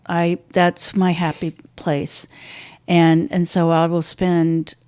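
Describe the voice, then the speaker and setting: Older woman guest, halting emotional storytelling, darkish low voice, dry mic. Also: flat delivery, clear, resonant tone, dry recording. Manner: halting, restarts often, voice drops low and soft at painful moments. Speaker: podcast guest.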